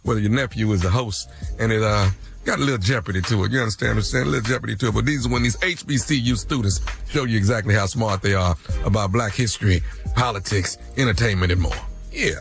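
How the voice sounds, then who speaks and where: A man's voice: lowish voice, fast, vocal fry, faint music behind. A man on a radio morning show, joking and plugging his shows in a playful, drawling way. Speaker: radio co-host. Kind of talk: radio show banter and plug.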